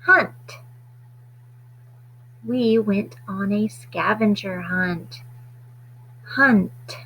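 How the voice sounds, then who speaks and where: A woman teaching a phonics lesson to children, stretching out sounds slowly and deliberately. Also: a little high, a little hiss or hum, poor audio.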